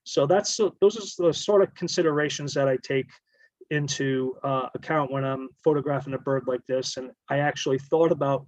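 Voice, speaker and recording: A man's voice: mid-range voice, moderate pace, dry recording, poor audio. A man giving a casual slideshow presentation on bird photography, explaining at length and often correcting himself mid-sentence. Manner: explanatory, rambling, self-correcting.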